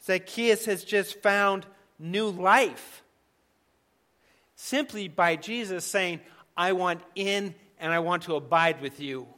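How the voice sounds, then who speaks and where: Male pastor, slightly high, bright tone, emphatic conversational sermon delivery. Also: slow pace. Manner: emphatic, conversational preaching with sudden soft drops.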